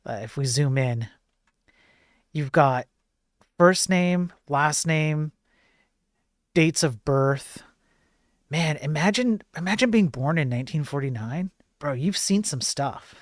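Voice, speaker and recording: A man's voice: on the high side, expressive, takes it slowly, long pauses, no room sound, clean studio sound. A man hosting a casual live-streamed tech news show, rambling and chatty with lots of fillers and jokey asides to his chat.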